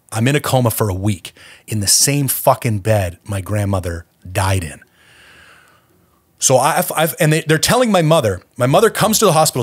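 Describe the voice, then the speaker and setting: A man's voice: mid-range voice, slightly rough, no echo, studio quality. A man hosting a podcast, telling his own recovery story bluntly and with plenty of swearing. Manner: blunt, profane, intense storytelling. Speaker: podcast host.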